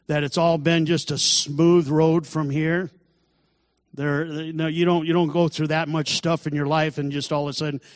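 A man's voice: a little high, no echo, clean studio sound, in a large hall. A man telling his recovery testimony in an earnest storytelling way, sermon style. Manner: earnest storytelling, acts out quoted voices. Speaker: testimony speaker.

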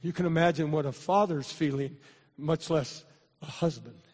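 Older preacher in a reverberant hall. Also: male voice, on the high side, moderate pace. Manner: repetitive restarts, building to loud preaching. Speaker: pastor. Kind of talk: sermon storytelling.

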